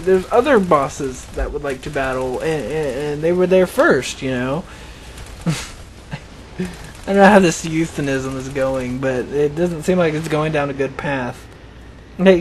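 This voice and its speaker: A man's voice: a little high, a little hiss or hum. A young man rambling and joking as he comments on his own gameplay, often laughing at himself. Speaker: gaming channel host.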